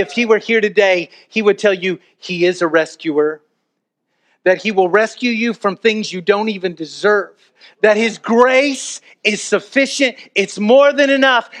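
A man, a pastor preaching a sermon and telling a story with animated emphasis. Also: sits high.

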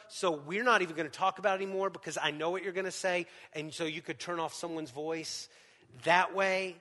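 A middle-aged man preaching a sermon to parents, swinging between loud emphatic lines and hushed ones. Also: high voice, fairly even intonation, brisk. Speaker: pastor. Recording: long hall reverb.

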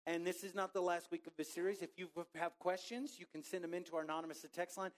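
A man preaching a sermon to a church congregation in a relaxed, conversational way, joking with the people in the room. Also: sits high, quick pace, few pauses. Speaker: pastor. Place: church auditorium.

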